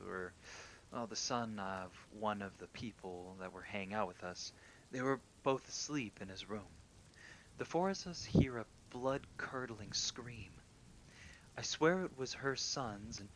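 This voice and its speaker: A man with a lowish voice that has a crisp, bright edge reads true horror stories in a calm, understated way. He often sinks into hushed near-whispers at the tense moments. Soft rain patters faintly in the background. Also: slight background noise. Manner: calm, low-key reading that drops into hushed near-whispers. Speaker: horror story reader. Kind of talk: reading listener-submitted true horror stories.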